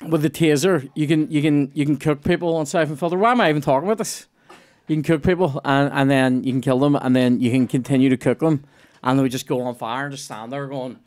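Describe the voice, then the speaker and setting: A man hosting a comedy podcast, rambling and jokey, laughing often. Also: a little high. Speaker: podcast host. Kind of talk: casual comedy chat.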